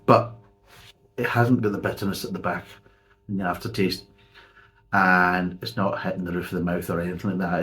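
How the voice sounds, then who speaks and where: A man's voice: deep voice, a bit bright. A man, reviewing a beer in a blunt, sarcastic way and swearing freely. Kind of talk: casual spoken review.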